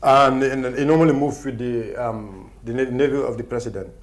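A man's voice: medium pitch, steady tone, normal speed, a crowd in the background. A man with a Gambian accent, a protest movement spokesman answering interview questions insistently, often repeating himself and talking over the interviewer.

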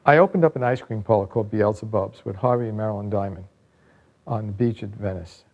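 Gravelly older man telling a lively tale. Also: on the low side, fast, lo-fi sound. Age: 60s. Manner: lively, vivid anecdote telling with bursts of excitement. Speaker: author and company founder. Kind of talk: storytelling narration in a book trailer.

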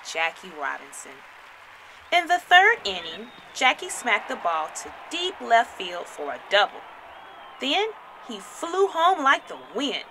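A woman reading a children's picture book aloud in an expressive storytelling style, raising her voice for the crowd's chants. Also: high-pitched, a little hiss or hum. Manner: dramatic, shouts crowd chants.

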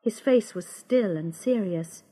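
A woman narrating a graded-reader story for English learners in a slow, clear, expressive way. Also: mid-range voice. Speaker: audiobook narrator.

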